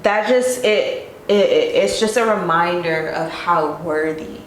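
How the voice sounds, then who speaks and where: A woman's voice: lowish voice, a little slow. A woman hosting a podcast, affirming and earnest as she speaks about faith and healing. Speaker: podcast host. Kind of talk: encouraging spiritual conversation. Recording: roomy sound with faint noise.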